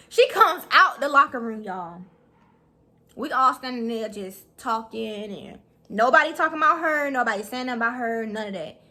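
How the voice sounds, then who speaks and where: A young woman telling a story to her viewers in a blunt, profane, animated way. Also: fairly high pitch, normal speed. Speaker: vlogger. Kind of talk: storytime vlog.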